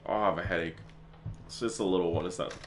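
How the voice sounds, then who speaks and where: A man giving excitable let's play commentary for his gaming channel, swearing freely as he plays. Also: low voice, fast, a little hiss or hum.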